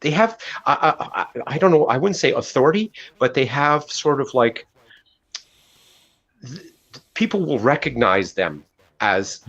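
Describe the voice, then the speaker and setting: Lively-pitched man over dull lo-fi audio. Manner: halting, restarts phrases. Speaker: podcast co-host. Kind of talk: casual chat. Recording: dull lo-fi sound.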